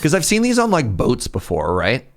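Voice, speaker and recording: A man's voice: medium pitch, huge pitch swings, normal speed, slight background noise. Joking guy streaming a game, talks to chat, voice bounces all over. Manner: playful, joking, chatting with viewers. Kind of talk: casual live-stream chat.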